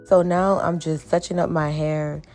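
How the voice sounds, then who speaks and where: A young woman chats to her viewers in a relaxed, familiar way, her voice sitting on the low side. She still has her groggy morning voice. Soft music plays faintly behind her. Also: moderate pace. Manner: chatty, relaxed, addresses viewers as y'all. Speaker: vlogger. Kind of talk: casual chat to camera.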